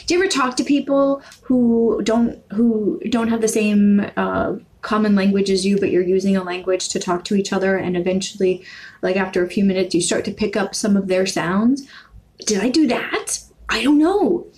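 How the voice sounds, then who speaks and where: Casting: American woman, language vlogger, Canadian-tinged vowels, casual rambling delivery, self-corrections, quirky pitch leaps. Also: steady tone, normal speed, darkish tone, poor audio. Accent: American, with Canadian-sounding vowels. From New York and Pennsylvania, USA. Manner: quirky, shifting intonation. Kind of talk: casual talking-to-camera vlog.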